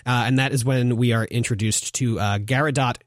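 A man's voice: medium pitch, fairly even intonation, brisk, dry recording, studio quality. A man co-hosting a podcast in casual chat, rambling with lots of filler words and acting out quoted lines. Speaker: podcast co-host.

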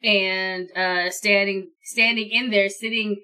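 A woman narrating as dungeon master, rambling and halting, full of fillers and small laughs. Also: medium pitch, steady tone, sharp tone, clean tone. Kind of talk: narrating a tabletop game.

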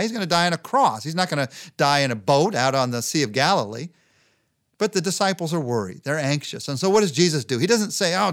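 Earnest male pastor preaching. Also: a bit bright. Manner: earnest, rises in pitch for emphasis. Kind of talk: sermon.

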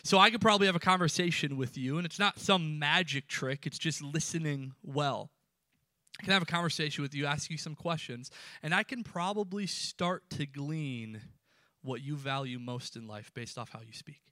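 Guy preaching a youth sermon, bright sharp voice, kinda high, dry close sound. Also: normal speed, no echo. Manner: emphatic preaching with sudden drops to quiet. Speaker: pastor.

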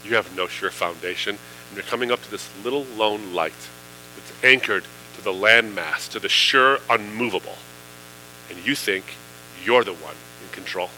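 A man's voice: fairly low pitch, normal speed, sharp tone, a little hiss or hum, low-quality recording. A man preaching a sermon in a conversational way, with fillers, building to emphatic questions. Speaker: pastor.

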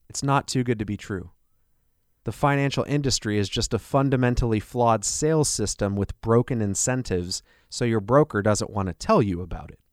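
A man speaking as a financial advisor in a radio advertisement, making an earnest, persuasive pitch full of rhetorical questions. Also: no echo, studio quality.

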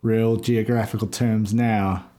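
A New Zealand-accented man with a mellow, low-pitched voice. He keeps his replies short and slips in dry one-liners during a relaxed podcast chat. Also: takes it slowly. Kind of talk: casual chat.

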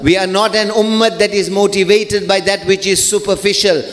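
A male preacher delivering an emphatic, rhetorical sermon, rapidly reciting Arabic verses between English explanations. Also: high-pitched, steady tone, fairly bright tone. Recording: long hall reverb.

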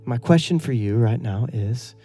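A man's voice: medium pitch, animated, normal speed, warm tone, soft background music. A middle-aged male pastor delivering an earnest, conversational sermon full of rhetorical questions.

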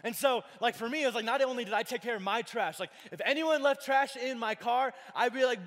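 A young male youth pastor delivers a casual sermon in a church hall before a live audience, his voice extremely high, brisk, slightly bright, and almost without pauses. He chats freely, packs in fillers, and jokes with the crowd, and the recording carries a long hall reverb.

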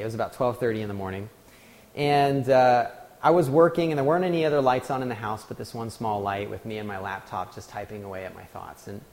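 A pastor with a mid-range, darkish voice preaches a sermon, telling a personal story in a conversational, self-deprecating way. A long hall reverb trails his words.

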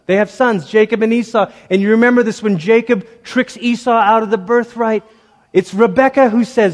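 Male pastor, high voice, chatty storytelling sermon, acts out quotes, big hall reverb. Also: a little fast.

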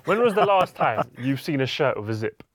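A man co-hosting a football podcast in casual chat, with quick, enthusiastic interjections. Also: mid-range voice, sing-song, no echo. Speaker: co-host.

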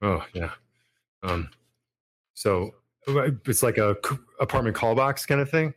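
A man's voice: mid-range voice, expressive, measured pace. A man playing a tabletop role-playing game, talking casually and in character. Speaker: player.

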